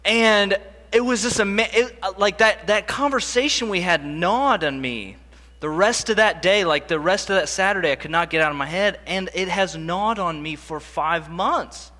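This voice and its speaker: A man's voice: high voice, moderate pace, bright, forceful tone. A young man giving a storytelling conference talk, conversational with self-deprecating humor, on a stage microphone in a large hall. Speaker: conference speaker. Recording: long hall reverb.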